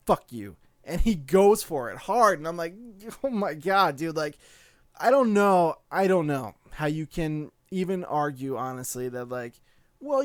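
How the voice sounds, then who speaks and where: A young adult man giving a casual spoken movie review, excitable and gushing, full of "like" and "dude". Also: a little high, dry recording.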